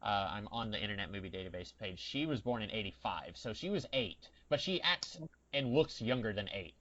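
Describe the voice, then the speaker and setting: A man's voice: fairly low pitch, lively intonation, a little fast, fairly bright tone. A man co-hosting a podcast in casual chat, with a dry, wry and rambling way of talking. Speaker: podcast co-host. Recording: dull lo-fi sound.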